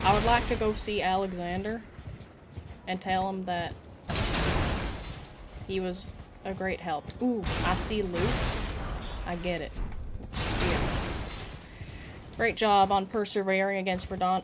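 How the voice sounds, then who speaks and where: Woman, game streamer, casual chat with viewers, playful, slow easy pace, game noise underneath. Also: medium pitch, fairly even intonation. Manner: chatty, answers chat, playful asides and giggles.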